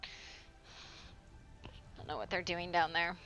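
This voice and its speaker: A woman streaming a game live who breaks off to coo at her dog in high baby talk, swearing casually in between. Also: little pitch movement, slow, bright, forceful tone, faint music behind. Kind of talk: live gaming stream chat.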